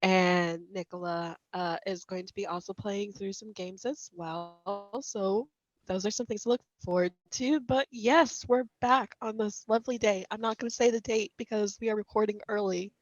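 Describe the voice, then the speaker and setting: A woman's voice: medium pitch, fairly even intonation, normal speed, no room sound, dull audio. A woman hosting a podcast in casual chat, giggly and rambling. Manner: giggly, rambling, many fillers. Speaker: podcast host.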